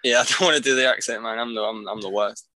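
A man chatting casually as a podcast co-host, relaxed, laughing and swearing. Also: medium pitch, quick pace. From England. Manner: laid-back, laughs easily, swears. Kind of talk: casual chat.

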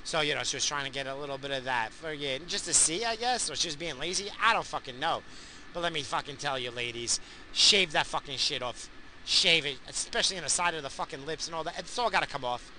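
Crude ranting man with a sharp voice. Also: a little high, animated, quick pace, a little hiss or hum. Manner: crude, ranting, yells at other drivers. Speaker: vlogger. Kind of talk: casual profane rant. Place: inside a car.

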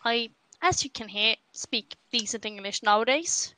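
Brief: woman, Swedish accent, bright and high, measured casual chat. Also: expressive, no room sound. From Sweden. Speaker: podcast co-host.

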